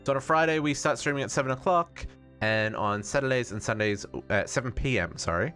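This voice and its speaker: A man's voice: medium pitch, a little fast, fairly bright tone, soft background music. A man with an Australian accent streaming a modded game, thinking aloud and correcting himself as he chats with viewers. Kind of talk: casual live-stream gaming chat.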